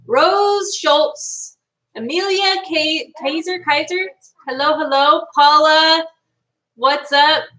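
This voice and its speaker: A woman's voice: high-pitched, slow pace, sharp tone, far from the mic, rough recording. A young woman hosting a casual live stream from home, chatting with viewers and reading their comments in a bubbly, talkative way. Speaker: livestream host reacting to a show.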